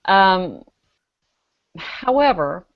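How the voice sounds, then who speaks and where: A woman's voice: mid-range voice, sing-song, very slow, no room sound. A woman on a casual web panel show, presenting a news story with dry sarcasm as she reads comments aloud. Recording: dry, dull lo-fi video call audio.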